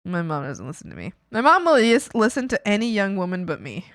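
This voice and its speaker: A woman's voice: medium pitch, very animated, a little fast, fairly bright tone, no room sound, clean studio sound. A young woman from Canada chatting casually on a stream, rambling and swearing with many fillers. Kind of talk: casual chat.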